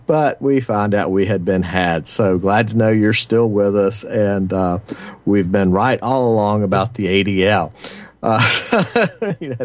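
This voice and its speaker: A man filling in as a radio host, talking in a halting monologue full of filler pauses, with a sardonic edge. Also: fairly low pitch. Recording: dry, slightly muffled lo-fi sound.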